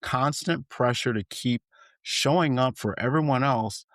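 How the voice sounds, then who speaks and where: A man hosting a solo podcast as a life coach, speaking in an earnest, gentle and reflective way, and rising in emphasis as he lists points. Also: mid-range voice, unhurried, no echo, studio quality.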